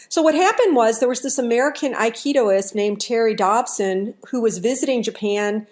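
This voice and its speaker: Woman telling a lesson story, kinda high voice, lively and expressive. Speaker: workplace culture speaker.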